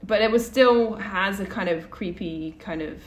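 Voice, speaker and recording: A woman's voice: mid-range voice, unhurried. A woman co-hosting a podcast, telling a personal story in a rambling, casual way with lots of restarts and fillers. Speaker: podcast co-host.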